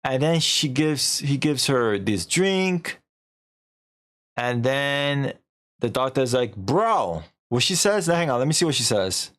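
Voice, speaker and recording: A man's voice: medium pitch, a little slow. A man streaming, casually retelling a story in a rambling way and acting out the quotes. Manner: rambling, animated retelling full of acted-out quotes.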